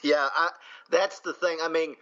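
Male podcast co-host, animated storyteller, bright and a bit high. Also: moderate pace, muffled recording. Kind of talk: casual chat.

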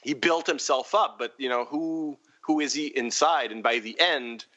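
A man co-hosting a casual film podcast. His voice is bright, and the recording sounds dull and lo-fi. He talks things through slowly, with lots of fillers and restarts. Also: mid-range voice. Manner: thoughtful, many restarts and fillers. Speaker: podcast co-host.

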